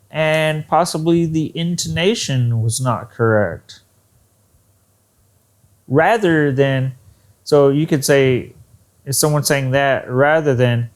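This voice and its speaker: A man teaching an English lesson, repeating words to show intonation. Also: mid-range voice. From Texas. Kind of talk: ESL lesson.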